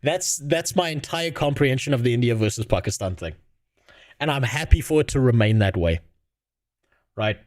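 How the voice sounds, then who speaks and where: A man's voice: medium pitch, animated, moderate pace, long pauses, a little mellow. A man ranting sarcastically and with a lot of swearing while streaming. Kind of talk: casual live-stream commentary.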